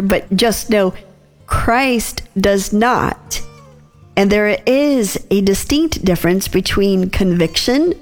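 A woman in her thirties giving a gentle devotional reflection as host, unhurried and soft with small laughs. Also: medium pitch.

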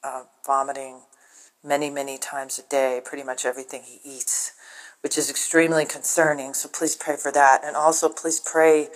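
A woman with a low voice leaves a voicemail asking listeners to pray. She talks haltingly, breaking off and restarting her sentences. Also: little pitch movement, rough recording. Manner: halting, with many ums and restarts. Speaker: caller asking for prayer. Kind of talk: casual voicemail to a radio show.

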